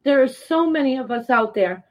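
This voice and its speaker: A woman's voice: sits high, expressive, moderate pace, darkish tone. A woman giving public testimony in an indignant, firm manner. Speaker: resident speaking at a public meeting. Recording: dull, lo-fi sound.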